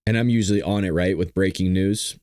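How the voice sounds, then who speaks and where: A man hosting a live stream, choked up and tearful, talking in halting starts that trail off. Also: low voice, fairly even intonation, a little mellow, clean tone, no echo, clean studio sound. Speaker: livestream host. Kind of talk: emotional live stream talk.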